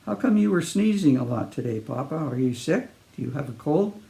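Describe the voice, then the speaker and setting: A man's voice: a little high, animated, a little fast, creaky, warm tone. A man voicing a curious little girl who worries at bedtime, asking her grandfather one question after another. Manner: questioning, childlike.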